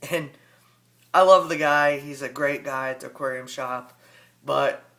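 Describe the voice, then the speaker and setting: A man's voice: mid-range voice, steady tone, measured pace, gravelly, a bit bright. Chatty man with a rural Southern drawl. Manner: rambling, chatty, folksy. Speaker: aquarium hobbyist vlogger. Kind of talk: casual vlog talk.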